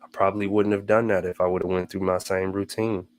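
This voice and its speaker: A man's voice: sits low, flat delivery, fast talker, a little mellow. A man hosting a motivational talk, speaking casually, repeating phrases for emphasis and calling his listeners y'all. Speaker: host.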